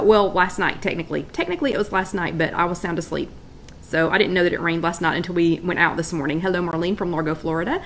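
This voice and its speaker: A woman's voice: mid-range voice, slight background noise. A woman hosting a casual live online chat, greeting viewers by name and reading their comments aloud.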